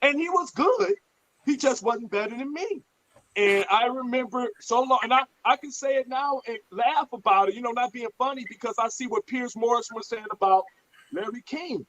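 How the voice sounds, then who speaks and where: Blunt, profane man with a high voice. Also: moderate pace, low-quality recording. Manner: blunt, profane, animated storyteller. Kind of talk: casual storytelling chat.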